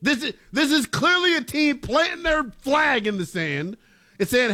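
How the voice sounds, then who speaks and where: Animated high-voiced sports talk man. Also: a little slow. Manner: animated, slangy, emphatic. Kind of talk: casual sports debate.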